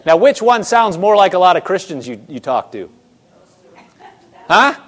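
A man's voice: high voice, very animated, moderate pace. A man preaching a sermon, emphatic, asking the congregation rhetorical questions and repeating words for emphasis.

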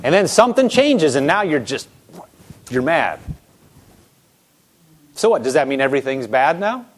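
Male preacher, somewhat high pitch, talky sermon style, rhetorical questions, acts out inner thoughts. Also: very animated, moderate pace. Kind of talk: conversational sermon.

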